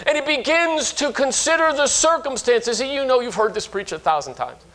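Brief: high-pitched man in his fifties, a pastor delivering a sermon, animated, stops and restarts as he tells stories. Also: normal speed. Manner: animated storytelling with frequent restarts.

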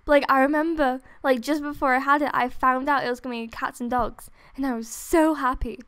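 A young woman giving excited gameplay commentary at home on a desktop mic, giddy and breathless, laughing, gasping and trailing off mid-sentence. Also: sits high, brisk, smooth. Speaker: gaming YouTuber. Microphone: desktop USB microphone.

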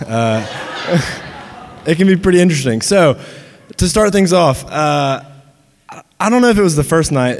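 A man's voice: medium pitch, big-room sound. Laughing young man telling stories. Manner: laughing, animated anecdotes with restarts. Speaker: groom's college roommate giving a toast. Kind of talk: funny storytelling toast. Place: large dinner venue.

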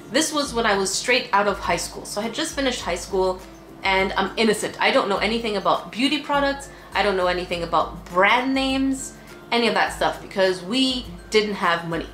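A woman's voice: medium pitch, fairly bright tone. A young woman vlogging casually from bed while unwell, chatty and emotional, laughing often. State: unwell, tired. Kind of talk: casual chat. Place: bedroom at home. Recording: echoey room with faint music.

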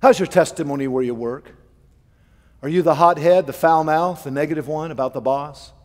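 A male pastor preaching a sermon, fervent and with dramatic swings between soft and loud. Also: a little high, normal speed. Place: large church sanctuary. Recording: long church reverb.

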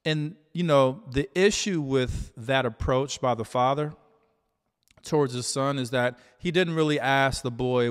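A man with a smooth, resonant voice at a middle pitch talks in a measured, reflective way, often pausing on "you know." His voice carries a long reverb tail, as if the room rings after each phrase. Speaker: relationship coach. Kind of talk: solo talk to camera.

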